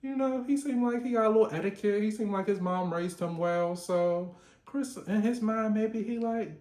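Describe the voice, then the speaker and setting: Brief: sassy male recap host, animated and loose, a bit high, echoey room. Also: measured pace. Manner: animated, sassy, laughing, swears a lot. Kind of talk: casual recap vlog.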